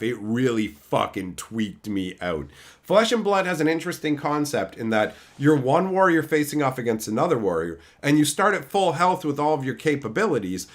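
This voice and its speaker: A man streaming live, answering chat in a crude, combative rant and breaking into mocking shouts. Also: medium pitch. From Canada.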